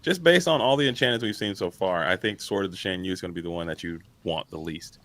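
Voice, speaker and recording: A man's voice: deep voice, quick pace, a bit bright. A man in a casual card-review chat, easygoing and wry, often poking fun at himself. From United States. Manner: easygoing, wry, self-deprecating.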